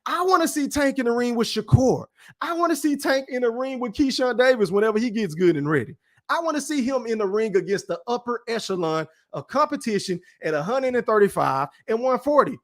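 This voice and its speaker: A man with a fairly high voice rants bluntly on his own podcast. He swears freely and talks loosely, like a livestream chat. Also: lively intonation, a little fast. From Texas. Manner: profane, blunt, ranting. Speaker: podcast host. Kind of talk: casual boxing rant and livestream chat.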